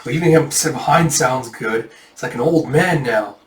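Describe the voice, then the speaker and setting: A man's voice: medium pitch, measured pace. A man casually narrating a manga readthrough in a chatty, loose way. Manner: chatty, lots of "it's like". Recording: echoey room, mic at a distance.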